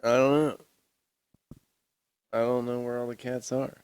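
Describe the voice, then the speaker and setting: A man's voice: medium pitch, completely flat delivery, measured pace, a little mellow, clear, resonant tone, no echo. A man co-hosting a podcast in casual chat, blunt and profane, laughing easily. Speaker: podcast co-host.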